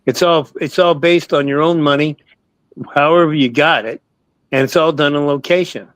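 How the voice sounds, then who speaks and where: An older man in his sixties tells stories as a guest in a relaxed interview. He rambles, doubles back on his words and swears without a second thought. His voice sits a little high and is captured dry and close, with no room sound. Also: normal speed, no echo, poor audio. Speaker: guest actor. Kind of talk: casual storytelling interview.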